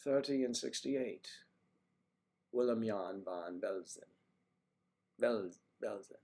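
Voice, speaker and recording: A man's voice: fairly low pitch, slow, mellow. Older man rambling on a livestream. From US East Coast. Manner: rambling, chatty, greets viewers by name. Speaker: livestream host. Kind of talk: casual livestream chat reading viewer comments.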